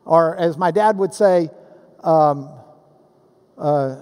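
Man, pastor, sermon, high voice, animated, long hall reverb. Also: slow pace. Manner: animated, playful with sounds and rhymes. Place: church sanctuary.

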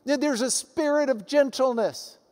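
A man preaching a sermon as pastor, animated, dropping to soft asides. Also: extremely high pitch, a little slow. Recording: long hall reverb.

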